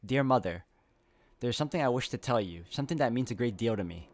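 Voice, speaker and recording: A man voicing a gentle, persecuted young man in a video game, reading formally and slowly. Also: medium pitch, lively intonation, close to an everyday voice. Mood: solemn. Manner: slow, solemn, formal reading. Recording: slightly dull, muffled sound.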